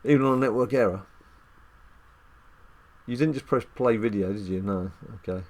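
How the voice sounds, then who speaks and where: A middle-aged man hosting a casual gaming video with his son, joking and teasing in lively banter. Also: fairly low pitch, moderate pace. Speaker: gaming channel host, dad.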